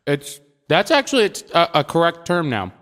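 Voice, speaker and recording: A man's voice: fairly high pitch, wildly swooping pitch, moderate pace, a bit bright. A man co-hosting a casual podcast from his apartment, making dry wisecracks. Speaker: podcast co-host. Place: studio apartment. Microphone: drum mic.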